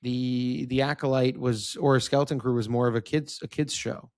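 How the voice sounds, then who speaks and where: A man's voice: mid-range voice, steady tone, moderate pace, a little mellow, no room sound, clean studio sound. A man in his thirties co-hosting a podcast, chatting in an easygoing, agreeable way. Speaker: podcast co-host. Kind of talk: casual chat.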